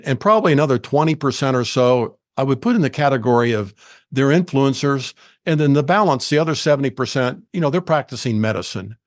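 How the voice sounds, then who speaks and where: Middle-aged male host, steady mid-range voice, dry close mic, measured delivery. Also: medium pitch, no echo. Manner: measured, explanatory, with small restarts. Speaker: podcast host. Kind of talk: conversational interview.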